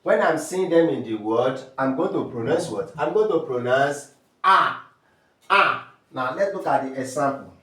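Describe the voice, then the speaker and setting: In an echoey room, a man with a Nigerian accent teaches French sounds step by step, speaking off-mic and far from the microphone. He drills slowly and repetitively, repeating terms and posing rhetorical questions, in an expressive, mid-range voice.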